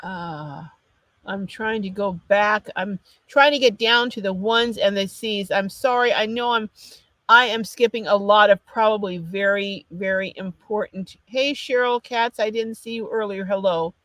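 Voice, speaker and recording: A woman's voice: medium pitch, measured pace, fairly bright tone, no echo. A woman hosting a casual livestream, reading out viewer comments in a chatty, apologetic way with a runny nose. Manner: chatty and apologetic, with frequent restarts. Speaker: livestream host.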